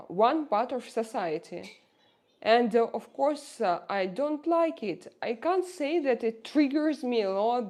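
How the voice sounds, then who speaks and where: This Russian-accented woman in her forties hosts a livestream, chatting casually to viewers with frequent hesitations, fillers, and restarts. Her voice sits on the high side and is slightly mellow.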